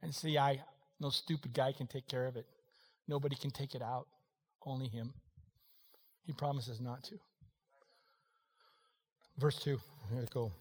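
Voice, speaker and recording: A middle-aged man preaching a sermon, moving between quiet talk and shouting, with folksy asides. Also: mid-range voice, steady tone, normal speed, long pauses, husky. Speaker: pastor. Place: church hall. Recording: long hall reverb.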